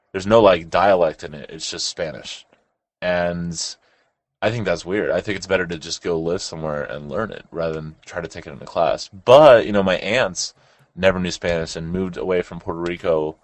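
A man's voice: low voice, dry recording. A young man chatting casually as co-host, rambling, laughing and swearing now and then. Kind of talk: casual chat.

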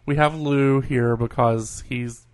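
A man with a Southern US accent, hosting a casual chat show in a wry, relaxed way. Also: mid-range voice, slow. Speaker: podcast host.

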